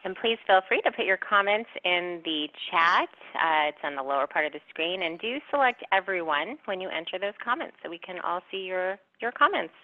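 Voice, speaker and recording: A woman giving brisk, practical instructions to an online audience as session moderator. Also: on the low side, lively intonation, no room sound. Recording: tinny dry phone line.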